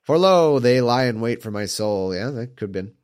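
A slightly hoarse man reading old scripture aloud and breaking off into mocking, incredulous asides. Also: medium pitch, animated, moderate pace, darkish tone.

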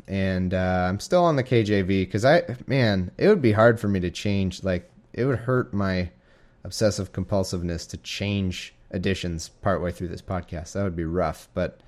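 A young man hosting a casual home podcast, rambling and self-deprecating, with frequent restarts and asides. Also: low voice. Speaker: podcast host. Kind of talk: casual chat and scripture reading. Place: home living room with a cat.

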